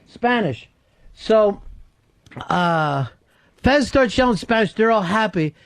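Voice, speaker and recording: A man with a high voice hosts a talk radio show, spinning a long story full of swearing and laughing along as he goes. The sound is close and dry, with almost no room, from a studio microphone. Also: lively intonation, takes it slowly, no room sound. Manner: profane, laughs through his own story.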